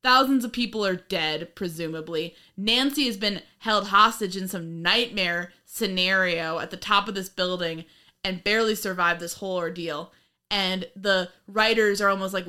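A woman co-hosting a casual podcast recap, animated and laughing, often swearing and acting out lines from the episode. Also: mid-range voice, moderate pace. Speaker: podcast co-host.

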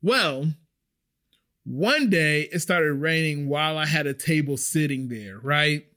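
Guy podcaster rambling thru a story, kinda high voice, lots of "like", swears a bit. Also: takes it slowly. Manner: animated, chatty, swears, frequent filler "like". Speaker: podcast host. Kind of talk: casual storytelling.

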